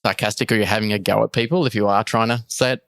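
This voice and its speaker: A man's voice: fairly low pitch, steady tone, racing, gravelly, a bit bright, no echo, clean studio sound. A man with an Australian accent, a coffee roaster guest on a podcast, explaining his views earnestly and thoughtfully. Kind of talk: casual interview.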